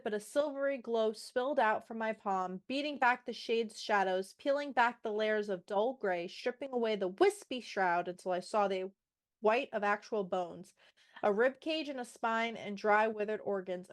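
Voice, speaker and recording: Sassy cussing woman on a book podcast, kinda high voice, roasting the characters. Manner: sassy, swears freely, mocks the characters. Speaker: podcast co-host. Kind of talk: casual book-club chat with read-aloud passages.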